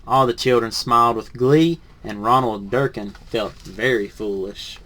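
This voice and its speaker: A man's voice: mid-range voice, unhurried, a little hiss or hum. Man reading a picture book aloud. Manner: lively storybook reading, rising on punchlines, then soft and hesitant when reviewing.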